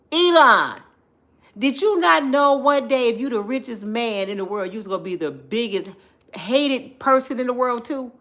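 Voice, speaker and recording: A woman with a high voice that swoops up and down constantly, telling a comedic story on her vlog. Her talk is slangy and full of jokes and laughs. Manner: animated, slangy, laughing, joking. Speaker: vlogger.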